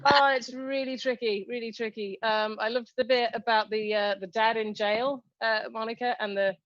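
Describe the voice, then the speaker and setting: Gushing, high-voiced woman judge. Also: steady tone, normal speed, fairly bright tone, dry recording, highs cut off. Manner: gushing, swears casually. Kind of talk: giving casual verdicts.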